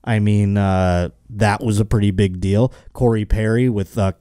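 Male comedy podcast host, mellow tone, dry close mic, rambling and crude. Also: fairly low pitch, steady tone, normal speed, clear, resonant tone, dry recording. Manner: crude, rambling, mocking put-on quotes. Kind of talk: casual comedic podcast banter.

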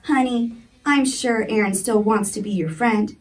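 A woman reading as a gentle grandma. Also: fairly high pitch, measured pace, distant mic, close to an everyday voice. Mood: tender. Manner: soft and reassuring.

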